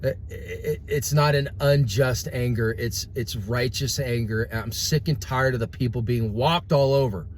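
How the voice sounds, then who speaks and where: A man's voice: mid-range voice, a little slow, few pauses. A man ranting to his followers in a blunt, casual way, calling people bro and dude and praying aloud. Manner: preachy, prays aloud. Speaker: vlogger. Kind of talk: impassioned rant to followers.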